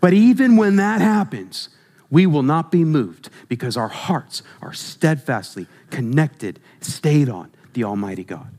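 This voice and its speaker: Man, preacher, humorous conversational sermon, high voice, swooping intonation. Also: a little slow. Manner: lively, conversational preaching with humor and questions to the congregation.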